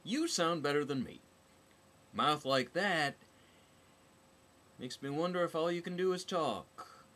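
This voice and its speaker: A man voicing a brash, crude, foul-mouthed soldier woman in a storybook reading, loud and sarcastic. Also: a little high, animated, slow, long pauses, voice pushed up.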